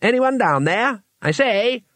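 A man doing a chirpy, naive tourist, high-pitched. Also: big pitch swings, takes it slowly, creaky, fairly bright tone, husky, no echo, full character voice. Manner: chirpy, politely hesitant. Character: eager, naive male tourist, high and polite.

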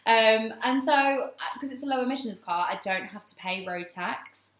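Young woman telling a story on a podcast, bright voice, laughs a lot, echoey room. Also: a little high, moderate pace. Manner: animated, laughing, swearing freely. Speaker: podcast co-host. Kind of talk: casual storytelling chat.

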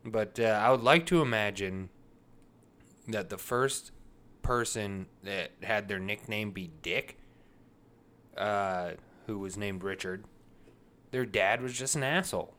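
A man's voice: fairly low pitch, slow pace, long pauses, a bit bright, slight background noise. A man co-hosting a podcast, joking and laughing through crude casual chat. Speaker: podcast co-host.

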